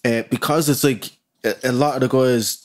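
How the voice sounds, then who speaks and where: Dublin working-class accent, mid pitch, lively and profane, easy podcast chatter. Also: male voice, normal speed. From Ireland. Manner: animated, swears freely, slips into impressions of others. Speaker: guest rapper. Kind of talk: casual podcast chat.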